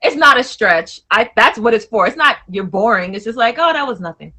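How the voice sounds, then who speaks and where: A woman's voice: a little high, animated, sharp tone, breathy edge. A woman in her twenties, a guest on a casual talk show, chatting in a playful, easygoing way. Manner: playful, easygoing, quick to laugh along. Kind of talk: casual interview chat.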